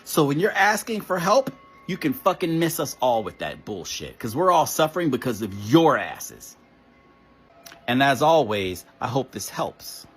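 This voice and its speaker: A woman's voice: low-pitched, big pitch swings, moderate pace, husky, faint music behind. A woman delivering an angry, profane social media rant, blunt and accusatory.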